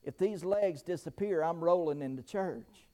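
A middle-aged man preaching a sermon, full of amens, stammered restarts and sudden shouts, pausing short of breath. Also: fairly high pitch. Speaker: pastor.

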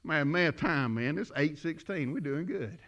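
A man preaching a sermon, telling folksy stories that build to shouting. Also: on the high side, animated, measured pace, dull audio. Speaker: pastor.

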